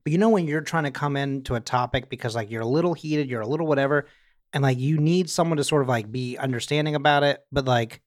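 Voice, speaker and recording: In casual podcast chat, this young co-host tells meandering stories with lively energy, performing the quotes as he goes. His pitch is medium and his pace quick.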